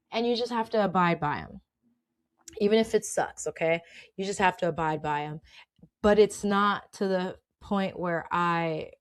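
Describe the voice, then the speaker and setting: A woman hosting a podcast, telling her own work stories in a chatty, emphatic way, often checking in with "okay?" and laughing. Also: lowish voice. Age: adult with children. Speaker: podcast host. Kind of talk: casual storytelling monologue.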